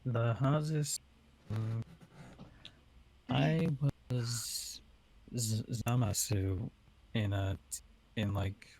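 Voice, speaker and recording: A young man, an aspiring voice actor, talking in a halting way with trailing fillers over a voice call. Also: mid-range voice, steady tone, a little mellow. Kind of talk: casual podcast chat.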